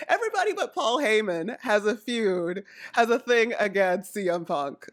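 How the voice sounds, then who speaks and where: A woman from Jamaica chatting casually about wrestling, rambling and excitable as she jumps from topic to topic. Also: mid-range voice, normal speed, hardly any pauses. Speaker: wrestling recap vlogger. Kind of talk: casual chat.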